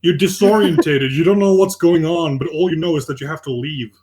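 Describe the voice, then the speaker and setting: A man's voice: fairly high pitch, fairly quick, a little mellow. A man co-hosting a casual gaming podcast, joking around and swearing. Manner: joking, profane, puts on silly voices. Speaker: podcast co-host.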